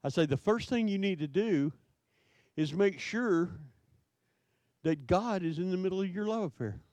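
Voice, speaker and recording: A man preaching a sermon, asking his listeners question after question in a slow, emphatic way. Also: high voice, expressive, darkish tone, dry recording. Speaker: pastor.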